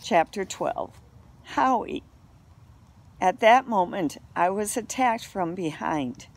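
Slow, gravelly woman reading aloud. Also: on the low side, expressive. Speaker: reader. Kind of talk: reading a children's novel aloud.

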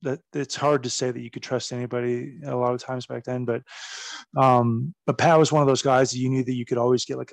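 A man's voice: mid-range voice, vocal fry, no echo. A man in his forties, a former wrestler, telling stories in a casual interview. His speech is rambling and profane, and it is full of fillers.

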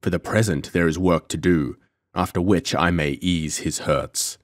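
A man voicing a cold, menacing male pirate captain with a deep voice in an audiobook. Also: steady tone, normal speed, dry recording, studio quality, natural voice.

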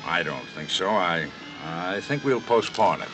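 An actor playing a suave, flattering state governor at a society reception in a 1960s film. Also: male voice, low voice, a little slow, noisy background.

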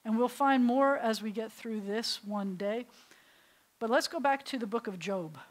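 A woman's voice: on the high side, measured pace, rough recording. A middle-aged woman, a rabbi, teaching a beginners' Hebrew class to adults in a synagogue classroom and telling stories as she asks the class questions. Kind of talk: classroom lecture to adult learners.

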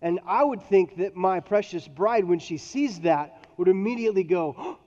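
A man's voice: high voice, moderate pace, mellow. A man preaching a sermon as pastor, in a playful, joking storytelling manner. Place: church auditorium. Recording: dull sound with long hall reverb.

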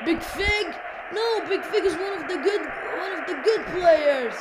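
A high, bright-voiced woman calls a football video game in a rush of shouted play-by-play, barking orders at her players. The home recording carries a clear hiss of noise behind her. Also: expressive. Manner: shouty, rapid play-by-play, frequently yelling at players. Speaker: gameplay commentator. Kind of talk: excited football game commentary.

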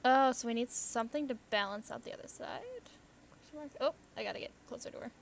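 Quick and fairly high-pitched with a gravelly edge, this young gamer chats through a puzzle game in casual let's play commentary. She reasons aloud and squeals or gasps at on-screen moments, with slight background noise audible.

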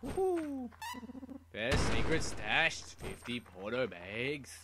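A man's voice: medium pitch, wildly swooping pitch, slow pace, background noise. A young man giving casual, rambling gameplay commentary full of swearing and mumbled asides. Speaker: let's play gamer. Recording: game music loud behind voice. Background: game music.

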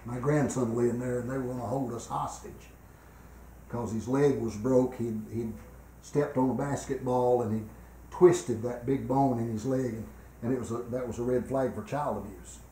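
An older man preaching a revival sermon in a church, swinging between loud, emphatic exhortation and quiet personal storytelling. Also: medium pitch, fairly even intonation, moderate pace, a little hiss or hum. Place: church sanctuary. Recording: echoey church room.

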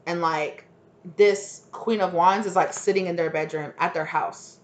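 A woman's voice: fairly low pitch, steady tone, a little slow. A woman giving a casual tarot reading, rambling with lots of "like" and sudden exclamations. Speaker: tarot reader.

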